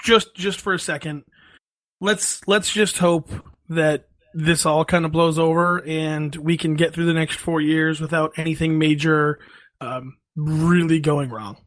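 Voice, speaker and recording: Halting, word-repeating man, dry mic. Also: on the high side, steady tone, fairly bright tone, no room sound. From Massachusetts. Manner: hesitant, repeats words, tries to steer talk. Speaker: podcast host. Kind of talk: casual comedic chat.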